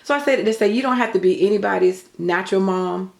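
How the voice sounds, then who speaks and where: A woman's voice: mid-range voice, fast talker, creaky, reverberant. An older woman telling a story in an earnest, chatty way, full of faith talk. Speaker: vlogger. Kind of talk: casual storytelling.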